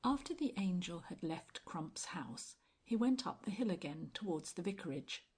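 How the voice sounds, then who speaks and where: A woman reading a classic novel aloud as an audiobook narrator, calm and measured. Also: on the low side, breathy edge.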